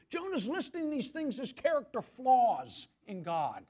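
A man's voice: fairly high pitch, very animated, moderate pace, darkish tone. A male pastor preaching a sermon in a conversational way, often asking his listeners questions.

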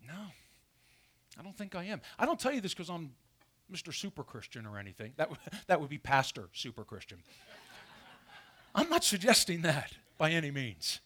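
A man's voice: fairly high pitch, moderate pace, long pauses. A man preaching a sermon as pastor from a church pulpit, asking his congregation questions as he goes. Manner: animated preaching with rhetorical questions.

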